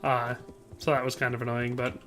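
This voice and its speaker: With soft music behind him, a man streams a game, speaking a little fast in a flat, mid-range, slightly bright voice. He casually reads viewer comments and responds with playful jokes.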